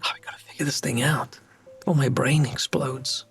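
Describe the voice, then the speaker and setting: South African streamer, Afrikaans first language, husky, easygoing and musing. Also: male voice, medium pitch, fairly even intonation, normal speed, a bit bright, faint music behind. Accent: South African English. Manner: rambling, musing aloud. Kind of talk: casual game-stream chat.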